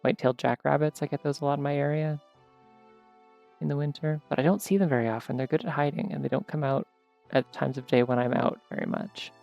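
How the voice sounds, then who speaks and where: Sleepy, gravelly voiced streamer rambling. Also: mid-range voice, steady tone, fast, darkish tone, muffled recording, soft background music. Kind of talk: casual chat on a game stream.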